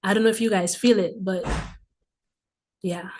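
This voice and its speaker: A woman in her forties speaks with fervent, emphatic conviction, repeating her phrases to drive them home. Her heartfelt testimony mixes breathy emotional asides with bursts of warmth. Her voice sits at an ordinary middle pitch for a woman. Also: fairly even intonation, normal speed. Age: 40s. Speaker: livestream host.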